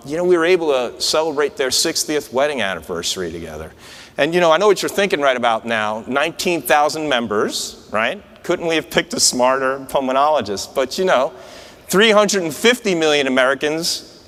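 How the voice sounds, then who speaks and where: A man's voice: a little high, a bit bright. Man giving a conversational conference speech in a reverberant hall. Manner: conversational, anecdotal, with frequent restarts. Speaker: incoming society president giving an address.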